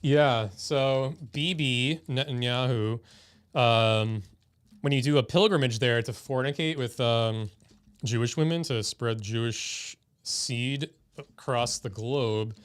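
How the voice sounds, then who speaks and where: A man appearing as a guest on a live stream, showing off items in a deadpan, mock-serious way. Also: mid-range voice, clean tone. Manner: deadpan, slow mock-serious show-and-tell. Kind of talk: casual live-stream chat.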